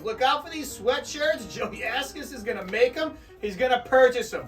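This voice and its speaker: A man's voice: extremely high pitch, animated, moderate pace. Young male co-host, rowdy jokey delivery, heard from a distance over light music. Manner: loud, joking, hyped segment intros. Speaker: podcast co-host. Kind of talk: casual sports banter. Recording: distant mic with faint music.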